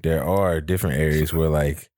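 Deep-voiced man in blunt casual talk. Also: fairly even intonation, moderate pace, a little mellow, no room sound, studio quality. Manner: blunt, searches for words, thinks aloud. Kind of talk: casual chat.

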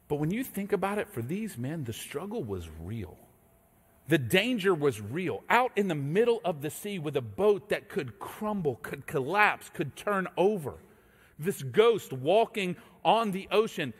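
A man preaching a sermon as a pastor, telling stories with animated energy and acting out voices. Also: high voice, breathy edge. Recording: echoey hall reverb.

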